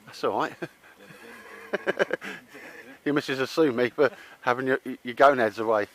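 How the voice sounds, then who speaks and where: A man's voice: medium pitch, normal speed. A man with a Cockney accent chatting casually outdoors while showing a tarp shelter, laddish and calling everyone mate. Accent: London Cockney. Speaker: outdoor gear vlogger. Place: outdoors at a campsite.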